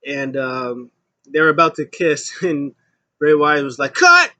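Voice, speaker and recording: A man giving a casual solo review of a wrestling show, rambling with many ums and getting loud when he mimics an announcer. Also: on the high side, fairly even intonation, measured pace, dull audio.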